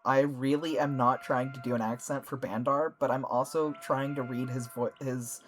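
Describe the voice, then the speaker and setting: A man's voice: mid-range voice, fairly even intonation, moderate pace, fairly bright tone. A man playing a video game and reading every character's speech bubbles aloud, breaking off for casual asides about how he reads them. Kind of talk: let's play voicing speech bubbles.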